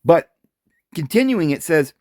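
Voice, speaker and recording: A Bible teacher offers informal commentary on scripture in a relaxed, conversational way, animated and full of rhetorical questions and quick chuckles. His high voice ranges widely in pitch. The recording is close and dry, with no sense of the room.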